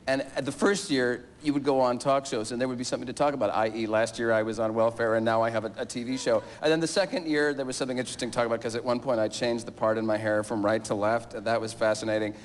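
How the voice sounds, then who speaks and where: A man's voice: mid-range voice, level tone, fast, hardly any pauses, slight background noise. Rambling, jokey man on a talk show. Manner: rambling, jokey, laughs often. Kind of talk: casual talk show banter.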